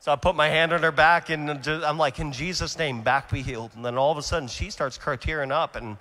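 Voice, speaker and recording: Male preacher, earnest testimony, loud then hushed, slightly high-pitched, conference hall with long reverb. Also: quick pace. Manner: earnest, animated storytelling with sudden shifts between loud and hushed.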